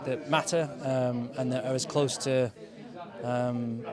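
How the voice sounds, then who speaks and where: A hesitant male actor searches for his words at a press event. His mid-pitched voice sits over loud crowd chatter. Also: flat delivery, slow pace.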